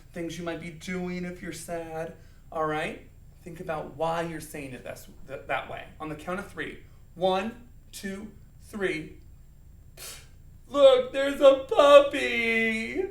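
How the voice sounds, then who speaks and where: A man's voice: a little high, measured pace, a bit bright, recorded from a distance. A man teaching an acting lesson to young children, playfully acting out emotions and counting along. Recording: echoey room, voice a bit off-mic.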